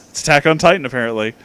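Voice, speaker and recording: A young man reading fan fiction excerpts aloud in a deadpan voice, often breaking off in disbelief and laughing as he comments. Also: on the high side.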